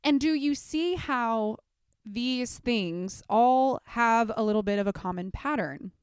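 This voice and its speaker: A woman's voice: a little high, takes it slowly, clean tone, no echo. Passionate young woman podcaster, dry sound. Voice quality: acts out quoted speech in mock voices. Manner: animated, passionate storytelling. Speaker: podcast host. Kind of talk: casual solo podcast monologue.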